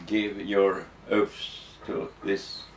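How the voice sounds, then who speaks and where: Slow, halting man in an echoey room. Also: sits low, flat delivery. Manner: slow and hesitant, many ums and restarts. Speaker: interviewee. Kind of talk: halting explanatory interview answers. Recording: echoey room, distant mic, faint noise.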